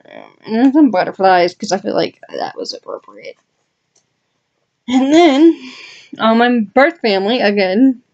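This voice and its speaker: A woman's voice: on the high side, big pitch swings, unhurried, creaky, pauses often, darkish tone, muffled recording. A woman vlogger chatting casually and with enthusiasm as she flips through her journal, adding asides to her viewers. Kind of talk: casual rambling chat.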